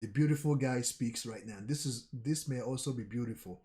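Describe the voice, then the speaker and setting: A man reading a comic aloud with live commentary. He thinks out loud and often repeats his phrases. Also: medium pitch, moderate pace. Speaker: manga reaction streamer.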